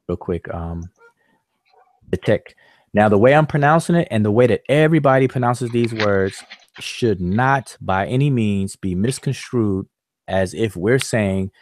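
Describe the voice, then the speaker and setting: Low-voiced man explaining on a live stream. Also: a little mellow, slight background noise. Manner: patient, explanatory, loose with fillers. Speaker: host. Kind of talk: live-stream discussion lecture.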